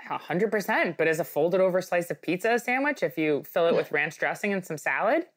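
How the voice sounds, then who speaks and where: A woman co-hosting a podcast in casual chat, animated and quick to joke, laughing often and swearing freely. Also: on the low side. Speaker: podcast co-host.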